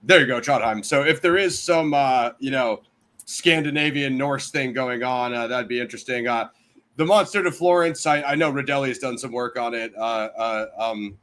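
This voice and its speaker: A man's voice: medium pitch, moderate pace, fairly bright tone. An American man, a panel guest, talking casually and rambling, with many "you know"s and "I mean"s. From United States.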